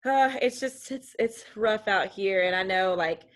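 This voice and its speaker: A woman's voice: medium pitch, measured pace. A woman talking as a podcast guest in a casual conversation, emphatic and outspoken, laughing now and then. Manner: vocal, emphatic, laughs easily.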